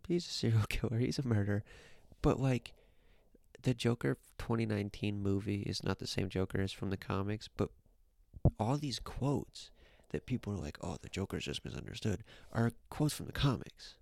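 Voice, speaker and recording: A man's voice: fairly low pitch, normal speed, gravelly, a little mellow, dry recording, clean studio sound. A young man streaming, ranting casually into his own mic, swearing, repeating himself and dropping into whispers. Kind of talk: casual rant to chat. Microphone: own desk mic.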